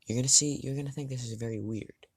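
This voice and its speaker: A calm, self-assured young swordsman who wields ice magic, as a man storyteller puts him on. He speaks at a mid-range pitch, plainly and evenly. The sound is dry and close. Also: fast talker, husky, no room sound.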